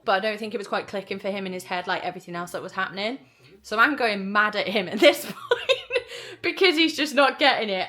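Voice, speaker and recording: A woman telling a story to camera in a chatty vlog, full of "like" and acted-out dialogue. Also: mid-range voice. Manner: chatty, animated, lots of "like" and quoted dialogue. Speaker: vlogger.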